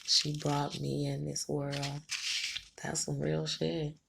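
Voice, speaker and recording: A woman's voice: sits low, monotone, slow, creaky, noisy background. A woman vlogger talking candidly to the camera, chatty and frank, swearing freely and laughing between thoughts. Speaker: tarot-reading vlogger. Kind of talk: candid personal talk to camera.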